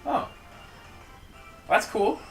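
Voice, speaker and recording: A man's voice: extremely slow, fairly bright tone, faint music behind, poor audio. A man casually chatting and joking while streaming a game, rambling and poking fun at himself. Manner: joking, rambling, self-mocking. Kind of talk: casual gaming stream chat.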